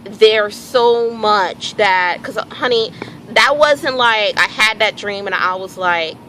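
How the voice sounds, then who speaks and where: A woman telling a personal story in a casual, animated way, acting out bits of dialogue and swearing freely. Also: mid-range voice, slow, slight background noise, rough recording. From Houston area, Texas. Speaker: vlogger.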